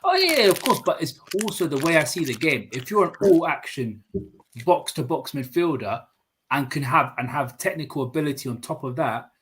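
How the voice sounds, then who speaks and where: A man's voice: a little high, very animated, moderate pace, fairly bright tone, slight background noise. A man arguing about football on a video call, insistent and repeating himself to press his point. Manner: argumentative, repeats himself when making a point. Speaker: host. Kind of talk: casual football chat.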